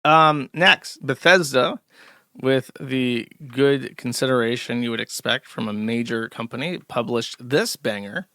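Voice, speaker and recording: A man's voice: mid-range voice, a little slow, pushed and bright, no room sound, clean studio sound. A man hosting a live stream, talking casually in a mocking, sarcastic way, rambling with plenty of fillers and restarts. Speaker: streamer host.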